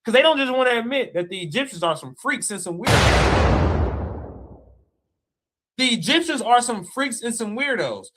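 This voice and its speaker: A man's voice: very high voice, very animated, normal speed, pauses often, noisy background. A man in a heated livestream rant, mocking and challenging, repeating his dares. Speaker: live stream guest debater. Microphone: live stream call mic.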